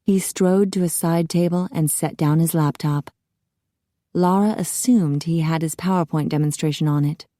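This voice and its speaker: Woman reading an audiobook, lowish mellow voice, dry close mic. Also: moderate pace, no echo. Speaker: audiobook narrator. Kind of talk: scripted narration.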